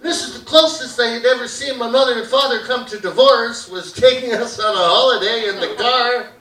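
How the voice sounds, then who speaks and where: A man's voice: very high voice, a little fast, bright, forceful tone, distant mic. A man in his fifties, from Hamilton, doing a brash, rambling, crude stand-up routine. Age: 50s. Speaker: stand-up comedian. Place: theater stage, live audience. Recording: roomy live theater audio from afar.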